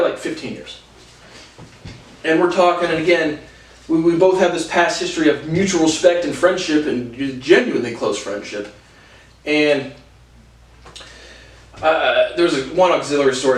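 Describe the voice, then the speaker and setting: A man angrily ranting through a personal story, swearing constantly and stumbling over restarts. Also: fairly high pitch. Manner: profane, agitated, heavy swearing; halting restarts. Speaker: vlogger. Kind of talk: storytelling rant. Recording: roomy, distant mic.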